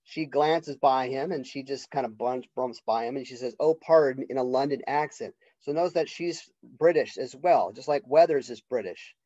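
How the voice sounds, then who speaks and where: A male college literature professor giving a casual classroom lecture, conversational and acting out characters' lines in quick voices. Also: mid-range voice, warm tone, no room sound. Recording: dull lo-fi lecture recording.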